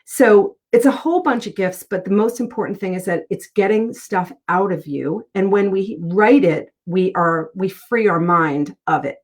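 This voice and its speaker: An earnest middle-aged woman speaks as a guest in a relaxed interview, telling personal stories in a heartfelt, conversational way. Her voice sits at an ordinary pitch for a woman. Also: normal speed, hardly any pauses, slightly rough.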